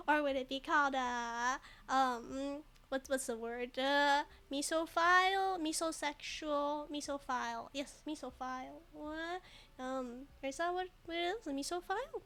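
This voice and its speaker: A woman's voice: high voice, fairly bright tone. A woman streaming a game who jokes, giggles often and reads chat in casual commentary. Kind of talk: casual let's-play commentary.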